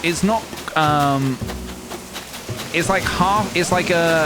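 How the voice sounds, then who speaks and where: A man's voice: a little high, takes it slowly, pauses often. A man streaming a game live, chatting to viewers in a playful, giggly way. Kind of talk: casual live-stream chat while gaming. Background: game music.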